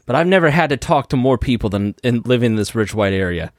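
A man's voice: medium pitch, expressive, quick pace, no echo, clean studio sound. A man co-hosting a podcast, giving wry, joking commentary in casual chat.

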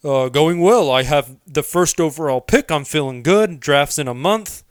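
A man playing a cautious team executive on a mock trade call who weighs offers in a hesitant, measured way. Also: on the high side, smooth, dry recording, natural voice.

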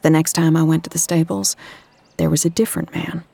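A woman's voice: deep voice, little pitch movement, a little fast, gravelly, mellow, breathy edge, no room sound, exaggerated voice. An actress playing a troubled female agent who narrates her own story in first person in an audio drama. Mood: tense. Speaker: narrator and lead character.

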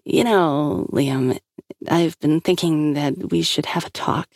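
A woman voicing a sharp, teasing young woman who is fond of him but impatient. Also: sits low, takes it slowly, no room sound, studio quality, exaggerated voice.

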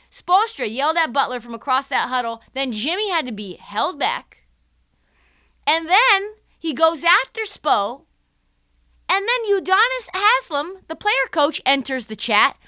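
A high, bright woman's voice swinging all over the place as she rants through casual sports commentary. She swears freely and jokes as she goes. The sound is clean, crisp and dry, with no room in it. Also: no echo. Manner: animated, profane, jokey, acts out quotes. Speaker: podcast host.

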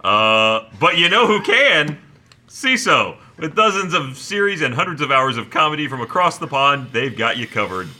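A man's voice: a little high, very animated, normal speed, sharp tone. A man co-hosting a casual podcast, joking and reading an ad with mock enthusiasm. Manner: playful, reads ads with mock enthusiasm. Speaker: podcast co-host. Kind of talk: casual chat and ad read.

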